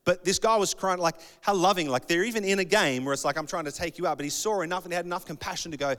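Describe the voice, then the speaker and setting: A man preaching a sermon in a conversational, animated way, acting out bits of dialogue. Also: high-pitched, fast talker, hardly any pauses. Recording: long hall reverb.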